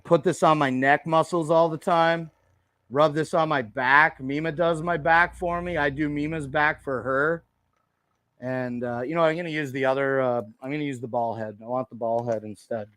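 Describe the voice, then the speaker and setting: This is a man at a desk in a small room, hosting a relaxed product livestream and chatting with lots of fillers while calling the audience bro and dude. His voice sits fairly high, steady and a bit bright, at a moderate pace. Recorded on a desk mic, there's no echo.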